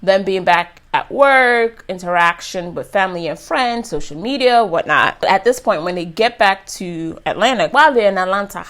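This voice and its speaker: A woman's voice: medium pitch, animated, moderate pace, few pauses, a bit bright. Chatty, slangy young woman reviewer. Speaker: YouTube reviewer. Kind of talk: casual recap commentary.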